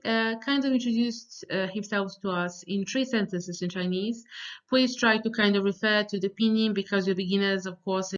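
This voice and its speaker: A woman teaching a beginner language lesson, pronouncing sounds slowly and deliberately, with frequent fillers and pauses. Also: medium pitch, fairly bright tone, lo-fi sound.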